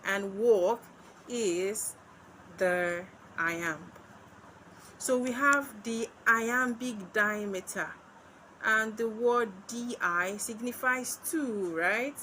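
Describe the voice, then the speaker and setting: A woman's voice: mid-range voice, bright, forceful tone, slight background noise, poor audio. A Nigerian woman teaching literature for exams, repeating key points and asking questions that she answers herself. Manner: slow, repetitive, asks and answers own questions. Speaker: literature tutor. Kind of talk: exam-prep lesson.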